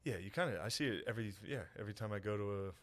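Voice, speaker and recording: A man's voice: lowish voice, racing, a bit bright. A man co-hosting a podcast, chatting casually with crude jokes and frequent laughter. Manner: crude, joking, laughs often. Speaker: podcast co-host. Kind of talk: casual chat.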